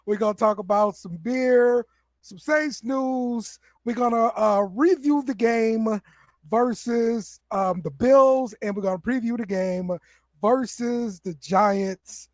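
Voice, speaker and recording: A man's voice: very high voice, slow pace, dry recording, clean studio sound. A man hosting a casual sports chat show, laid back, often repeating words and laughing. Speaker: podcast host.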